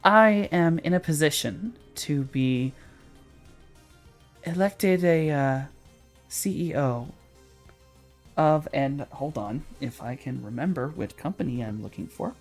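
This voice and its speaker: A composed dwarven businesswoman in a tabletop game, speaking evenly and without any put-on accent, as the game master puts her on. Her talk is cool and businesslike, and soft music plays faintly underneath. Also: medium pitch, animated, takes it slowly, long pauses. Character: calm dwarven corporate executive woman. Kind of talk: in-character tabletop dialogue.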